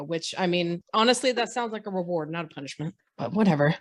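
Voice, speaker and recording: A woman's voice: lowish voice, expressive, fast talker. A woman co-hosting a podcast, ranting bluntly and sarcastically about a bad movie in casual chat. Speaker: podcast co-host.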